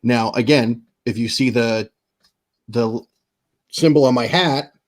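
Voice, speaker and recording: Measured man from New York. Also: medium pitch. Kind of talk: casual sports podcast chat.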